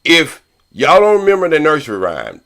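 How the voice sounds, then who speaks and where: An older man on a podcast panel, arguing loudly and profanely and repeating points for emphasis. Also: on the high side, wildly swooping pitch, normal speed. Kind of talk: heated podcast debate.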